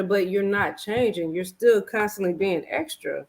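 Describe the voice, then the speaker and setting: A woman hosting a casual chat about a reality show, talking candidly and telling her own story with slangy, animated detail. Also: on the low side, measured pace, hardly any pauses. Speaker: podcast host.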